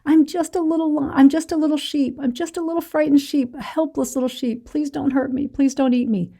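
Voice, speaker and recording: A woman voicing a frightened young male lion cub who believes he is a sheep, in a higher, softer, pleading voice. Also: normal speed. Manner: pleading, timid.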